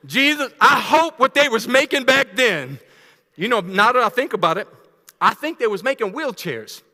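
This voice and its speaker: A man preaching a sermon as pastor, dropping to hushed, intimate lines and rising into loud, laughing storytelling. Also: very high-pitched, very animated, moderate pace, big-room sound. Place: church sanctuary.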